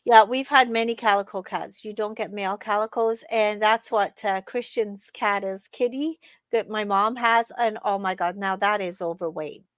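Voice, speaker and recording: A woman co-hosts a relaxed morning chat in an upbeat, talkative manner. She keeps things friendly and full of little fillers. Her voice sits close to the mic with a dry, dead sound. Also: medium pitch, moderate pace, dry recording. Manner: chatty, upbeat, frequent fillers. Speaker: co-host. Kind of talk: casual chat.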